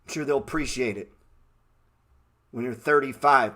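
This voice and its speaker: A man's voice: medium pitch, moderate pace, long pauses, pushed and bright. A man hosting a trading channel, giving a blunt, profane motivational rant and mocking the people he talks about. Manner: profane, brash and mocking, mimics excuse-makers. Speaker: stock trading channel host.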